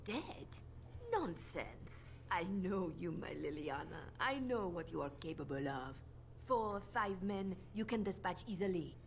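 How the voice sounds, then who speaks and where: Marjolaine, silky French spymistress. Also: female voice, on the low side, animated, a little slow, slight background noise. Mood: purring. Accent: put-on French. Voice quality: purring, theatrical, condescending. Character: scheming female bard spymaster, silky and menacing. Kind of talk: video game voice acting.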